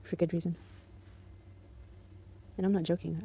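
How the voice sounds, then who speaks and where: Dark, flat-voiced woman venting with contempt. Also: lowish voice, normal speed. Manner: bitter, contemptuous and profane, in a controlled steady voice. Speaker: vlogger. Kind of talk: angry monologue addressed to an ex.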